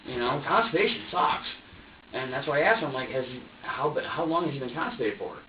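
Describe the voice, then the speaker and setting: A man's voice: mid-range voice, lively intonation, a little hiss or hum. A man in his twenties giving a rambling, profane statement during a police interrogation, stumbling over repeated words. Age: 20s. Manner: rambling, profane, halting repetitions. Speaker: suspect being questioned. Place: interview room. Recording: dull, distant, echoey room recording with faint ambience.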